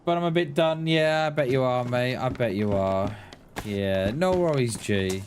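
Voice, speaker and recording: A man's voice: medium pitch, unhurried, a little hiss or hum. A man chatting casually on a live gaming stream, rambling and laughing at himself.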